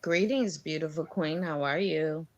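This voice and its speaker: Gravelly-voiced chatty woman co-host. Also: low-pitched, a little slow, highs cut off, slight background noise. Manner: chatty, tells anecdotes, chimes in with agreement. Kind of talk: casual chat.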